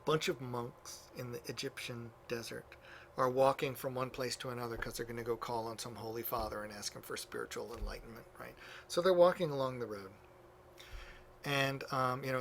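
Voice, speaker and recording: A man lecturing a class in a relaxed, conversational way, his voice sitting at an ordinary middle pitch. He spins out a story with lots of fillers and quick asides. A faint hiss of background noise sits under the recording. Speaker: church history teacher. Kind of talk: classroom lecture, retelling stories.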